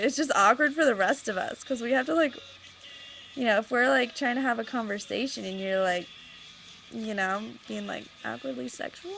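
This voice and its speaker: A woman's voice: a little high, vocal fry, a bit bright, slight background noise, low-quality recording. A young woman ranting casually to her webcam at home, rambling and sarcastic with lots of filler words. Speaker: vlogger.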